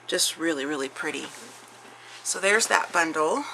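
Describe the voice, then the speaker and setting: A woman's voice: lowish voice, expressive, takes it slowly, creaky, sharp tone, slight background noise, rough recording. A middle-aged woman showing off a craft haul in chatty show-and-tell style, gushing over each piece with many fillers and restarts. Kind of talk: casual show-and-tell chat.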